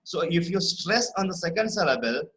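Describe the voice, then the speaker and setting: A man's voice: on the high side, animated, normal speed, a bit bright, low-quality recording. A man teaching a spelling lesson over a video call, repeating words and checking that his students follow. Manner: repeats words for emphasis, checks understanding often. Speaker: English teacher. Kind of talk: online class lecture.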